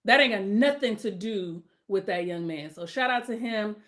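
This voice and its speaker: A middle-aged woman hosting her own podcast, talking casually and bluntly with strong opinions, now and then rising into loud emphatic outbursts. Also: mid-range voice, expressive, normal speed. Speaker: podcast host. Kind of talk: casual solo podcast rant.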